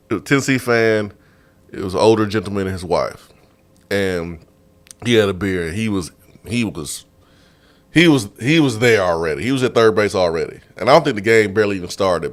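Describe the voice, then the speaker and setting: With a fairly low-pitched voice, this sports radio host laughs often while telling a story in a casual, animated way from the studio.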